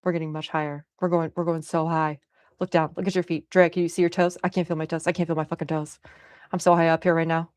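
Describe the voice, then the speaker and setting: A woman imitating her friend as a nervous young woman who babbles and swears in a hushed, lower voice. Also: level tone, quick pace, no room sound, clean studio sound, lightly acted. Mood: panicked.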